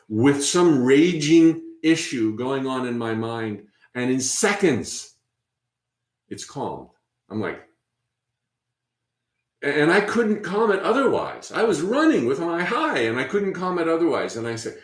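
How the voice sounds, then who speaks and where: A man hosting a spiritual workshop, talking in a gentle, encouraging way with frequent fillers and restarts. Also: medium pitch, very animated, measured pace, reverberant. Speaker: workshop host. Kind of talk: guided spiritual workshop talk.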